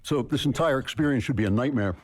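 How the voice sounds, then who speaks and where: A man speaking at a university event, measured and deliberate, with wry self-mocking humor. His voice sits at an ordinary male pitch and he tells a long joke slowly, pausing for effect. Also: slightly rough. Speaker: guest speaker. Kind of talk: university lecture speech. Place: lecture hall before an audience.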